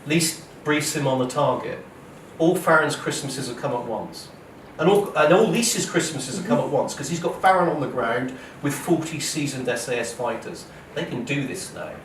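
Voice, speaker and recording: A man tells his story to an audience as an author's talk, acting out the quoted lines with dramatic flair. His voice of middling pitch carries from some way off the mic. It echoes through a roomy lecture hall over a faint hum of noise. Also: lively intonation, normal speed, few pauses, far from the mic. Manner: dramatic, acts out quoted speech, frequent "okay?" and "right?". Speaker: author giving a public talk.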